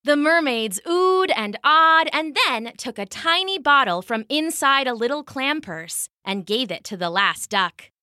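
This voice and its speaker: A woman reads a children's story aloud with animated, expressive delivery. Her voice sits a little high and rises and falls a lot, with a bright, clear tone. The recording is close and dry. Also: unhurried, few pauses, no echo. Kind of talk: scripted narration of a children's story.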